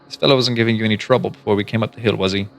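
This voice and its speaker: A man's voice: lowish voice, fairly even intonation, very fast, creaky, faint music behind. A man voicing a swaggering, mocking leader of a band of fake cops, with a put-on Irish accent. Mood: probing. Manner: taunting, swaggering.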